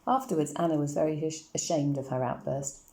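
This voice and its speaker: A woman reading a children's novel aloud in a calm, measured storytelling manner, in an echoey room. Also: deep voice. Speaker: reader.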